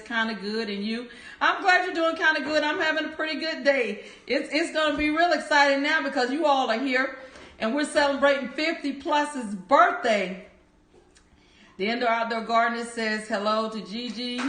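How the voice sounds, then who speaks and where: A woman's voice, on the high side and a bit bright, carries through an echoey room as she hosts a livestream. She cheerfully calls out viewers by name and reads their chat comments in an upbeat, cheering manner.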